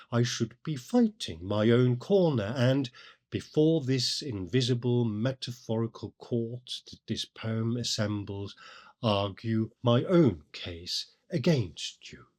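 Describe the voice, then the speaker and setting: Male podcast host, mid-pitched, unhurried, deliberate scripted literary commentary. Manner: measured, deliberate explanation.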